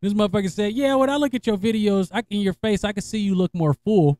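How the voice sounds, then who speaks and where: A man's voice: sits high, quick pace, few pauses, dry recording. A middle-aged man hosting a podcast, telling stories in a casual, profane way and laughing often. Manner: laughing, profane, animated storyteller. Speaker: podcast host. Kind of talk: casual storytelling monologue.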